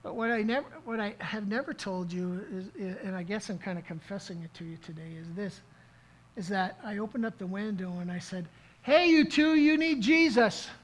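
Earnest storytelling fills this sermon from a middle-aged pastor at a church service, punctuated by frequent restarts. His high voice moves a little fast, and the recording quality is low.

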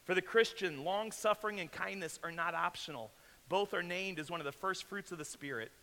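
A man preaching a sermon as pastor, talking in a conversational way, slowing down for emphasis and asking the congregation questions. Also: high voice, pushed and bright. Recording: echo from a large hall.

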